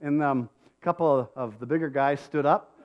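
A middle-aged man preaching a sermon, telling a personal story in a conversational way that swings from quiet asides to loud emphatic peaks. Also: on the high side, moderate pace, highs cut off. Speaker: pastor.

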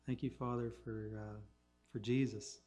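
A man leading a quiet, halting spoken prayer in church. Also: medium pitch, little pitch movement. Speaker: congregation member leading prayer.

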